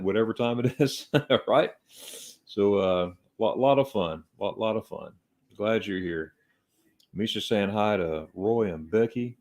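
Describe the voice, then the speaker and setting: A middle-aged man, chatting casually and rambling with many fillers as he greets his livestream viewers. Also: lowish voice. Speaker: vlogger hosting a livestream. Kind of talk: casual chat. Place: in a car, then indoors at night.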